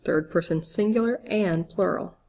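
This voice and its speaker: A woman's voice: lowish voice, normal speed, darkish tone. A woman teaching a grammar lesson, speaking patiently, spelling out letters and quizzing the listener. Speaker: Spanish teacher. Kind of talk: slow, clear grammar lesson.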